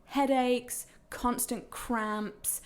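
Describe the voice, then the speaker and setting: A woman telling a story in casual podcast chat, animated and sweary. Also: on the high side, drawn-out words. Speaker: podcast guest.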